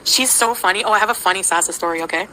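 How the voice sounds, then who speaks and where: A woman's voice: mid-range voice, racing, background noise. A woman livestreaming, telling a meandering story in a casual way, with lots of fillers and giggles.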